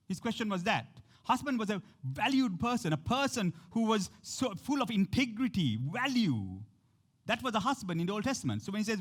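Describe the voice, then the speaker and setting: Animated male pastor preaching. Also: sits high, brisk. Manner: animated, acts out the quotes in shifting voices; speaks to the congregation directly, with frequent questions. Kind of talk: sermon.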